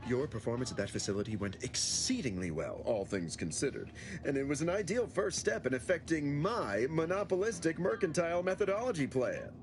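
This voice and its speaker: Long-winded corporate boss in a game, formal and fussy, expressive delivery. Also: male voice, on the high side, brisk, a little hiss or hum. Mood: condescending. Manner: formal, ornate wording with old-fashioned turns of phrase. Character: pompous, long-winded male corporate executive.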